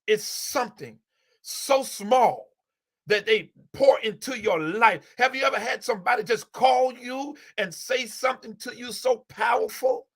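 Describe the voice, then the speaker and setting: A man's voice: very high voice, a little slow, a bit bright. A man hosting a live stream, giving a heartfelt inspirational talk with a preacher-like repetitive cadence and open emotion, speaking into a phone. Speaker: livestream host.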